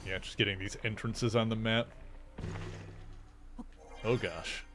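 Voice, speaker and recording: A man's voice: fairly low pitch, fairly even intonation, takes it slowly, fairly bright tone, soft background music. Playful man streaming a game. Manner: playful, chatty, talks to his cat. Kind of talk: casual gameplay commentary.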